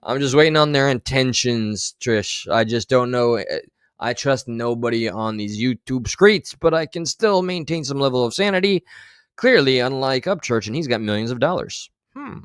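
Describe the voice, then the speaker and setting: Blunt, sarcastic and loaded with swearing, a male streamer comments on clips in his livestream. His medium-pitched voice is expressive and a bit bright, smooth at normal speed, with no room sound.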